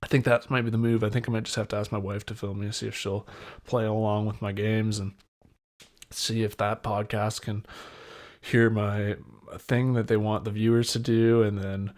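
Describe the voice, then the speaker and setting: A man's voice: fairly low pitch, flat delivery, normal speed. A young man hosting his own podcast alone, chatting casually in a rambling, laid-back way with loose slang. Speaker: podcast host. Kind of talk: casual solo podcast chat.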